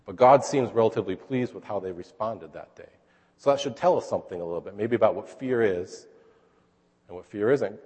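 A man's voice: fairly low pitch, normal speed, pauses often, a little mellow, breathy edge, in a large hall. A man preaching a sermon, explaining scripture in a conversational way and checking in with his listeners. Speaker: pastor.

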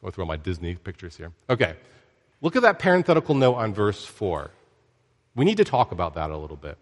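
A man's voice: deep voice, a little fast. Man teaching scripture in a reverberant room. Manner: conversational and joking, with lively asides. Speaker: Bible teacher. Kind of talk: casual Bible lesson.

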